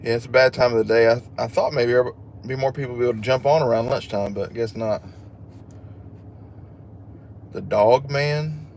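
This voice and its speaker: A man with a mid-range, slightly mellow voice speaks fast in a steady tone, with slight background noise. Running a casual livestream, he chats through viewer comments and jokes about himself, laughing along.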